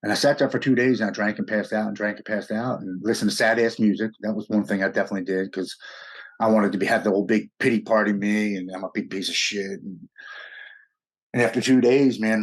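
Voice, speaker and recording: A man's voice: lowish voice, steady tone, fast talker. A middle-aged American man telling his personal story as an interview guest, blunt, raw and profane. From United States.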